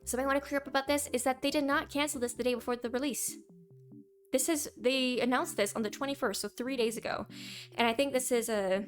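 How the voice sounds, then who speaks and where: A young woman giving her opinions in a casual commentary vlog, opinionated and quick to mock what commenters say. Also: high-pitched, steady tone, soft background music. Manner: opinionated, reads out viewer comments in mocking voices. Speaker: gaming YouTuber.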